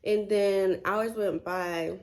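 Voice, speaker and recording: A woman in her twenties telling a story to her viewers in a vlog, animated and chatty, full of "like" and "y'all". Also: medium pitch, takes it slowly. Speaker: vlogger.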